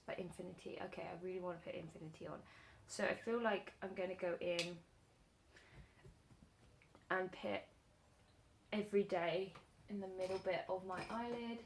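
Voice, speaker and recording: A woman beauty vlogger chatting casually while doing her makeup, telling an animated story full of fillers. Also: mid-range voice, vocal fry, a little hiss or hum.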